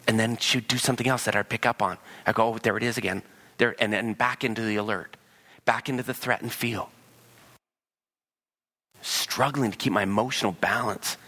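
A man preaching a sermon as pastor, animated and acting out voices in the dialogue he quotes. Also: mid-range voice.

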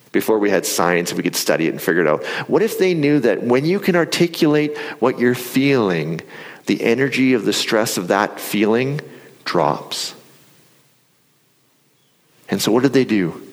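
A man preaching a sermon in a conversational, animated storytelling way. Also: lowish voice. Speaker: pastor. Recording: reverberant hall.

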